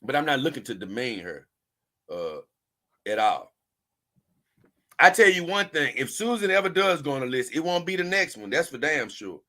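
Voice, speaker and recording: A man's voice: mid-range voice, big pitch swings, normal speed, long pauses, bright, forceful tone. A man hosting a casual livestream, reading viewer comments and rambling on in loose, with chuckling asides. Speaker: livestream host.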